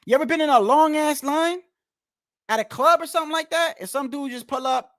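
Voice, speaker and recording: A man's voice: extremely high pitch, sing-song, a little fast, fairly bright tone, no echo, studio quality. A man ranting casually about boxing rankings, profane and repetitive, tired after a long day and talking straight to his viewers. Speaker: boxing commentator.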